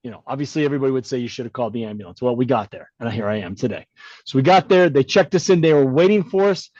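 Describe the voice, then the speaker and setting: A man's voice: medium pitch, rapid-fire, no echo, highs cut off. A middle-aged man, a podcast co-host, telling a personal story in casual chat, blunt and given to acting out the voices of the people in it. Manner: animated storyteller who acts out quoted dialogue.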